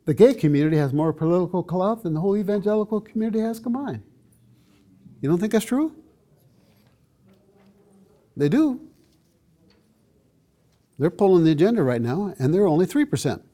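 A man's voice: sits high, lively intonation, moderate pace, pauses often, dark tone. An older man, a pastor, giving an earnest, emphatic teaching talk to a church audience, with frequent asides to his listeners.

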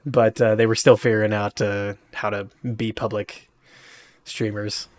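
A man's voice: fairly low pitch, measured pace. Rambling man in casual podcast chat. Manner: rambling, animated retelling with many fillers. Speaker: podcast co-host.

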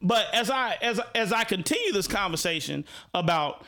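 A man hosting a casual live-stream talk, animated and joking, full of restarts and asides to the audience. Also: high voice, moderate pace. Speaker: show host.

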